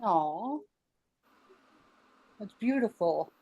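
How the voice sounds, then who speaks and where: A woman's voice: mid-range voice, lively intonation, drawn-out words, darkish tone, husky, dull audio. Woman from arkansas hosting a zoom chat, sick w covid, rambly and laughing a lot. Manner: chatty, laughing, rambling with fillers. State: ill with covid. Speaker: host. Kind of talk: casual video call chat. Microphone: video call.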